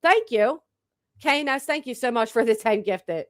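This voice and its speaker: A woman's voice: fairly high pitch, lively intonation, moderate pace, no room sound, studio quality. A woman hosting a reaction stream, talking bluntly and profanely to her chat. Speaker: livestream commentary host.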